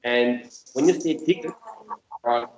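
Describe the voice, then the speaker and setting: A man teaching Korean in an online class, explaining slowly and patiently and repeating example sounds. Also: medium pitch, big pitch swings. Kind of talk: online language lesson. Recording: echoey room with faint noise.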